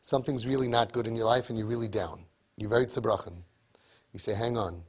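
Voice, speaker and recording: Brief: male religious speaker, husky, emphatic sermon delivery. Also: mid-range voice, quick pace. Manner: emphatic, rhetorical questions. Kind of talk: storytelling sermon.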